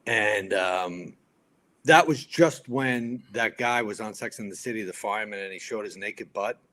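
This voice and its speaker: Animated storytelling man in his fifties. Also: on the low side, measured pace. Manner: animated storyteller acting out others' lines. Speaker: guest, retired firefighter turned actor. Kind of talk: casual storytelling.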